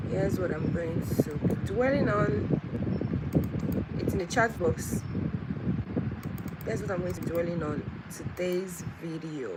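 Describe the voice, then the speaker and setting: A woman hosting a casual travel livestream, chatty and greeting her viewers again and again. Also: medium pitch. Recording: loud vehicle noise behind.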